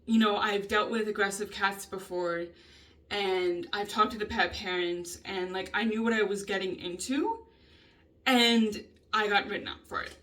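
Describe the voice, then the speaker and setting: A woman's voice: mid-range voice, fairly bright tone. Frustrated woman ranting to camera, emotional, lots of cursing, mic kinda far off. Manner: frustrated, swears a lot, halting with many ums. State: upset and emotional. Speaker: vlogger. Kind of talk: casual venting vlog. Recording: voice a bit distant from the mic.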